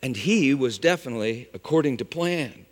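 A middle-aged pastor preaches a sermon, telling a story laced with scripture references while his pitch rises and falls widely. His voice is expressive at a moderate pace, and a long hall reverb colors the recording.

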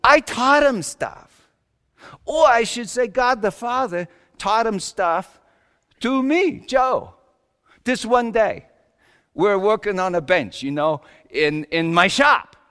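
A man's voice: high-pitched, expressive, slow pace, fairly bright tone, clean tone, big-room sound, exaggerated voice. A man playing Joseph, a humble carpenter father, in a first-person dramatic monologue, telling stories in a folksy, chuckling way with loose grammar. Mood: jovial.

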